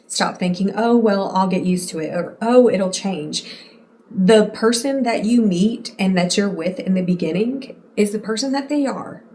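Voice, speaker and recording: A woman's voice: lowish voice, darkish tone, slight background noise. A woman in her late twenties hosting a podcast alone, talking candidly and casually to her listeners, calling them y'all and swearing now and then. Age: late 20s. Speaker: podcast host. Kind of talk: casual solo podcast monologue.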